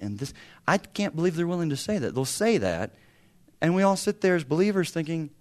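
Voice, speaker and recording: Man in his fifties, pastor, sermon, chatty and funny, punchy emphasis, slightly high voice. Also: expressive, moderate pace, fairly bright tone. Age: 50s. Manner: conversational, humorous storytelling with sudden bursts of emphasis.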